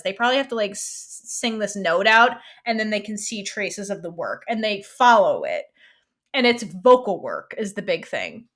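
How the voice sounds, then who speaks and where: A woman co-hosting a podcast, talking through an episode in loose, casual chat. Her voice sits at a middle pitch, and she rambles in an animated way, often breaking off to restart a thought. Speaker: podcast co-host.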